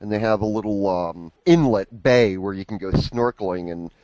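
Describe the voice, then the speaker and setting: A man's voice: fairly low pitch, moderate pace, noisy background. A man chatting and joking on a casual group call from his computer at home, rambling with restarts. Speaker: call participant.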